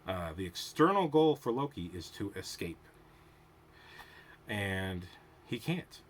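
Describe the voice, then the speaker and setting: A man's voice: on the low side, big pitch swings, slow, slight background noise. A man hosting his own show, giving casual analytical commentary on a TV episode, thinking aloud and wandering off on tangents. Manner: discursive, goes off on tangents, thinks aloud with restarts. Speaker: show host reviewing a TV episode.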